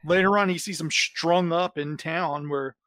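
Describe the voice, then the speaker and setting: A man co-hosting a podcast in casual chat, enthusiastic and quick to laugh. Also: on the high side, fairly even intonation, fairly bright tone, no echo, studio quality. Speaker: podcast co-host.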